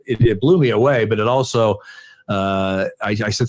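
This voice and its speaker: An older man, a retired umpire, tells stories in an interview, halting and repeating words, with frequent chuckles. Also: lowish voice, fairly even intonation, a little mellow, no echo. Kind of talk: conversational interview storytelling.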